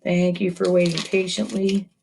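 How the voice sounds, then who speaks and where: A woman's voice: lowish voice, flat delivery, normal speed, creaky, background noise. A woman teaching a math lesson to second graders, upbeat and encouraging, chatting with a puppet as she goes. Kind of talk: video math lesson for children.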